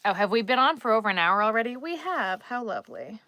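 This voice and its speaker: A woman's voice: fairly high pitch, lively intonation, fast talker, bright, forceful tone, no echo. Chatty Long Island woman crocheting live. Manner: chatty, thinks aloud while crocheting and reading chat. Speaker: crochet live-stream host. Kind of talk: casual live-stream chat.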